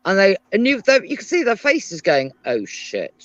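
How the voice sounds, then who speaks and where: Lively British woman telling stories. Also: fairly high pitch, a little fast, dry recording. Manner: animated storyteller, lively voice. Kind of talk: casual chat. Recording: dry, dull lo-fi stream audio.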